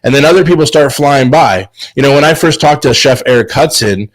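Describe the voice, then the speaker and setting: A man's voice: mid-range voice, fairly quick, rough recording. Guy hosting a show, preachy pep talk, keeps repeating himself, sounds like a video call. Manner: emphatic, preachy, repeats words. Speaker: host. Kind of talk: motivational talk.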